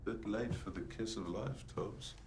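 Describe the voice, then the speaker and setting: An actor playing a cynical mercenary with a dry, sardonic delivery. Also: male voice, fairly low pitch, measured pace, background noise, lightly acted.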